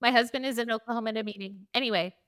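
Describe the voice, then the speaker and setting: A middle-aged woman telling a chaotic travel story in a casual chat, animated and laughing often, acting out quotes in a higher voice. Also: rapid-fire, clear, resonant tone. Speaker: podcast host.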